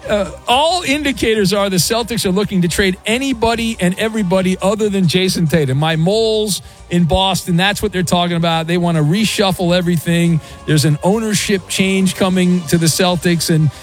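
A man hosting a sports radio show, chatting casually with a wry, rambling manner and plenty of "uh"s. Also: high-pitched.

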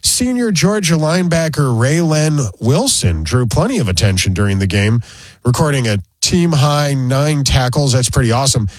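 A man's voice: medium pitch, dry recording, low-quality recording. A man hosting talk radio, working through sports headlines and adding his own wry asides. His voice sits in a middle register and is recorded close and dry, with no room around it. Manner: reads headlines then riffs dryly. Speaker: radio show co-host. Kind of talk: casual talk radio banter, reading news items.

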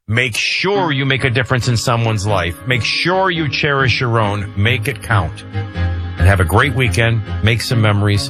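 A middle-aged man hosting a morning talk radio show, talking emphatically and conversationally with frequent fillers. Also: mid-range voice. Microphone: studio microphone.

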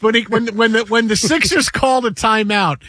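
High-voiced man rambling through sports talk. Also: moderate pace, no room sound. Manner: rambling, repeats himself, animated. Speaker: sports talk show host.

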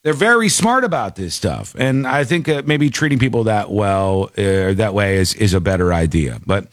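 A man's voice: lowish voice, normal speed, no echo. A man hosting a talk radio show, chatting casually and mimicking voices as he tells stories. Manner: animated, mimics voices while telling stories. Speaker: radio host.

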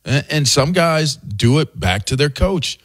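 A man co-hosting a sports radio show, speaking in a relaxed, halting way. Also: a little high. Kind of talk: casual sports talk.

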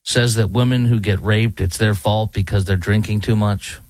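A man's voice: on the low side, fairly even intonation, moderate pace, darkish tone, no echo. A man hosting a talk show, ranting in opinionated political commentary and now and then mocking people with impressions. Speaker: talk radio host. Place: Dallas.

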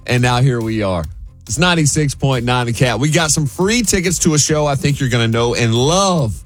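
A young man hosting a morning radio show, telling a story in a cheerful, animated way. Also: mid-range voice, moderate pace, soft background music. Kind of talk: upbeat morning radio chat.

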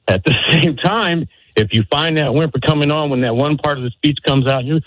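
A man's voice: mid-range voice, animated, a little fast, no room sound, rough recording. A middle-aged man calling in to a radio show, giving earnest, folksy fatherly advice. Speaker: caller. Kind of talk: phone-in advice.

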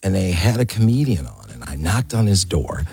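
Gravelly-voiced older man telling a story. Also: low voice, moderate pace. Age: 60s. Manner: animated storyteller, acts out quotes. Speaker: guest. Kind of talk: storytelling interview.

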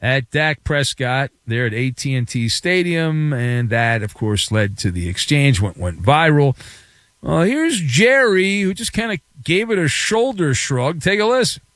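A man hosting a sports talk radio show, riffing through a theatrical, jokey monologue. His voice is on the high side and jumps around wildly in pitch. The studio mic sounds close and dry. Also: sing-song, measured pace, fairly bright tone, no room sound.

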